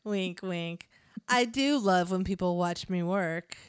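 A woman playing a sly slow-talking devil applicant. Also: lowish voice, smooth, no room sound. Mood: flirty. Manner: suggestive, punning, slow and drawling. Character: sly male devil job applicant, smooth salesman. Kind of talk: reading a comedy script aloud.

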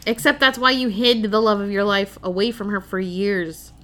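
A woman co-hosting a podcast, cutting in with quick, opinionated remarks in casual chat. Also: mid-range voice, a bit bright. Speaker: podcast co-host.

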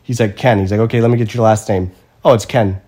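A man's voice: lowish voice, steady tone, quick pace, dark tone, breathy edge. A man casually telling a funny everyday story in a chat, self-mocking and swearing now and then.

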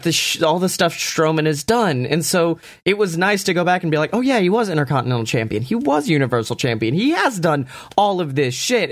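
A young man casually reviewing a wrestling show, excitable and profane, often acting out what the wrestlers say. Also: mid-range voice, no room sound, studio quality. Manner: profane, excitable, acts out quotes.

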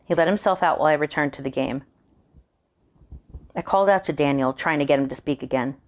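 Low-voiced woman reading a horror story. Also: fast talker. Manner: calm first-person narration.

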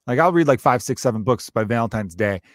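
A man hosting a casual podcast chat, chummy and quick to laugh. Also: medium pitch, expressive, dry recording, studio quality. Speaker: podcast host.

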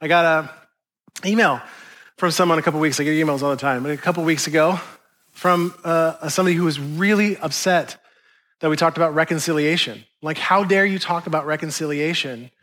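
High-voiced animated male pastor. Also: a little fast. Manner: conversational, animated preaching with acted-out quotes. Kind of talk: sermon.

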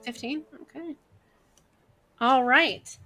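A woman narrating as game master of a tabletop role-playing game, animated, with loose fillers and frequent laughter. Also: sits high, slow pace, soft background music.

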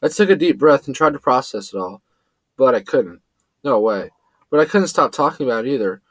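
A man's voice: a little fast, husky, dry recording, low-quality recording. A man narrating a first-person adventure story, lifting his voice for the characters' lines. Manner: lively, shifts pitch up for quoted characters.

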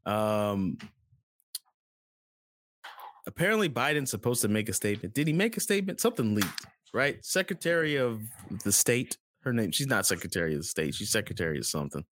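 A man's voice: on the low side, big pitch swings, quick pace, fairly bright tone. A man hosting a podcast in casual chat, rambling and playful as he jumps between topics. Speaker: podcast host.

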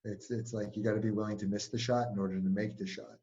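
This man's voice runs on the low side and his pace is quick, captured on a muffled recording. Appearing as an interview guest and speaking coach, he chats casually and tells energetic stories packed with filler words, especially "like."

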